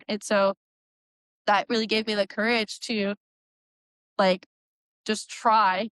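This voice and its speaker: Young woman guest, earnest and rambling testimony, mid-pitched, dry close mic. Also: little pitch movement, slow, long pauses, fairly bright tone, smooth, dry recording, low-quality recording. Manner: earnest, rambling, many likes and you-knows. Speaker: guest, Christian metal singer. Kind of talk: candid personal testimony.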